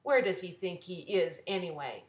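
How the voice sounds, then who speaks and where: A woman's voice: fairly low pitch, lively intonation, normal speed, close to an everyday voice. A woman reading an indignant young girl. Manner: pleading, indignant. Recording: roomy echo.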